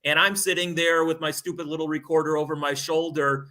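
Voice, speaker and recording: Bright, animated sports guy. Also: on the high side, brisk. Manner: animated, laughing storyteller. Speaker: sports talk show co-host. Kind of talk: casual chat.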